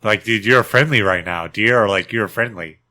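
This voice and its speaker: A young man in a friendly podcast chat, telling loose stories full of "like" and "bro". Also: lowish voice. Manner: mellow, drawn-out storytelling, says like and bro. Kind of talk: casual banter among friends.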